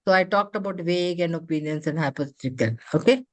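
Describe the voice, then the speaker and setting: Woman trainer. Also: fairly low pitch. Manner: quizzes the class with quick questions, leans on "you know" and "huh?". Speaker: corporate trainer. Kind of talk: interactive classroom lecture.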